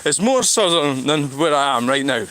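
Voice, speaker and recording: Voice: medium pitch, lively intonation, moderate pace, a bit bright, a little hiss or hum. A speaker with a Scottish accent, rambling and sighing through a walking livestream outdoors beside a road. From Scotland. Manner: rambling, sighing, restarts thoughts. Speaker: vlogger.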